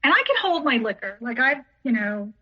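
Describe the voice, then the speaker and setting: A woman's voice: a little high, very animated, brisk, husky, highs cut off. A woman telling a story as a podcast guest in casual, rambling speech full of "like" and "you know".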